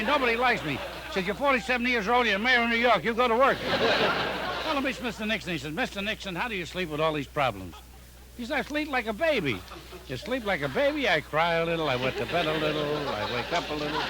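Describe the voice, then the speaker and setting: A comedian telling rapid-fire deadpan jokes on a telephone joke line. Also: male voice, high voice. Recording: noisy archival recording with clicks.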